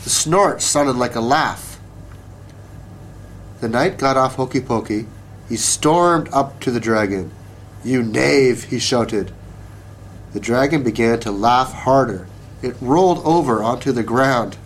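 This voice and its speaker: A man reading a children's story aloud, slow and deliberate. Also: medium pitch, expressive, slight background noise. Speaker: narrator.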